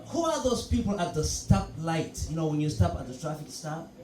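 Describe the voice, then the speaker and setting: A male stand-up comedian telling a story on a club stage, animated and full of asides. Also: fairly high pitch, normal speed, noisy background. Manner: storytelling, animated, frequent asides like "you know". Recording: echoey club from a distant mic.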